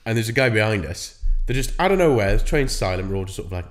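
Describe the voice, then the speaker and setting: A young Englishman co-hosting a podcast, talking in a rambling, casual way and swearing freely. His voice is lively and bounces up and down as he tells a story, often slipping into other people's voices. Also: fairly low pitch, quick pace. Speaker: podcast co-host.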